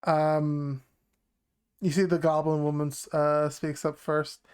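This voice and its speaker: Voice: mid-range voice, little pitch movement, slow pace, a little mellow, smooth. A game master running a tabletop session, speaking in a laid-back, hesitant way with many ums.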